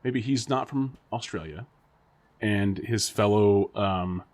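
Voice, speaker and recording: Male podcast co-host, fairly low voice, loose rambling delivery with lots of laughter. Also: takes it slowly, darkish tone. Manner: rambling, laughs often, speculative. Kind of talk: casual chat.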